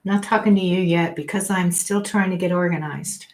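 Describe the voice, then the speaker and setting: A woman's voice: lowish voice, steady tone, normal speed, darkish tone. An older woman astrologer chatting casually on a livestream, thinking aloud and joking about her trouble with the technology.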